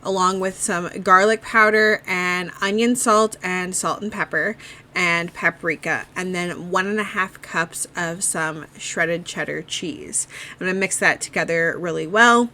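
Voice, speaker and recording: A woman's voice: fairly low pitch, unhurried, pushed and bright, a little hiss or hum. Chatty woman narrating home cooking. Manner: chatty, step-by-step with fillers. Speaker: cooking vlogger. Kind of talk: casual recipe voice-over.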